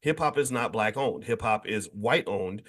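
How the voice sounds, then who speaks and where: A man hosting a daily morning talk on finance, speaking casually and emphatically, with frequent restarts and repeated words and his pitch jumping up when he stresses a point. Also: lively intonation, moderate pace, a bit bright. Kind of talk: casual spoken talk to an online audience.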